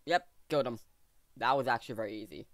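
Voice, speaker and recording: Male gaming host, mid-pitched, jokey play-by-play, dry close mic. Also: fast, no echo. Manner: jokey, excitable, thinking aloud to viewers. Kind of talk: let's play commentary.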